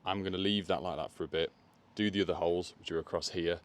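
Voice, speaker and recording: A man's voice: low voice, fairly even intonation, fast talker. A man, an electrician, talking through his work in an on-the-job vlog, thinking aloud as he goes, filmed on a phone outdoors and in a loft. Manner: chatty, thinking aloud while working. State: out of breath at times. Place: outdoors on a roof and in a loft, rainy. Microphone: phone camera.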